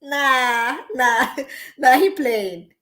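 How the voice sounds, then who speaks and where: A sassy woman reacting to a story in casual commentary, talking emphatically and breaking into laughs. Her voice sits a little high for a woman. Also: extremely slow, a bit bright. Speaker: reaction video host.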